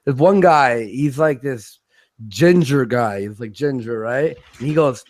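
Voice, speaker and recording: A man's voice: mid-range voice, unhurried, a little mellow, no room sound. A man hosting a casual group chat, joking and laughing often.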